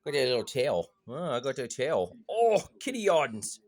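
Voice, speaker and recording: Inside a house, a man filming his dog uses baby talk, teasing it in a sing-song way and repeating each phrase. His mid-range voice is very animated and moves at a normal speed.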